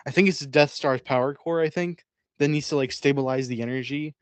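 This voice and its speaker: A man's voice: mid-range voice, brisk, dry recording. A young man co-hosting a casual reaction video, laid-back and hesitant, often giggling. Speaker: reaction channel co-host.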